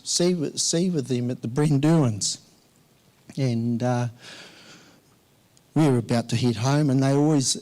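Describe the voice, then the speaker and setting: Man delivering a memorial tribute, halting with frequent restarts, mid-range voice. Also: medium pitch, a little mellow. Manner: halting, with many fillers and restarts. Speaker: eulogy speaker. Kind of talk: memorial speech.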